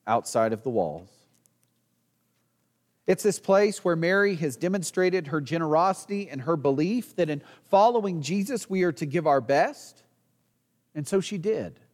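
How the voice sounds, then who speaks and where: A man's voice: a little high, darkish tone, in a large hall. A man preaching a sermon as pastor, earnest, asking the congregation rhetorical questions and sometimes restarting a phrase.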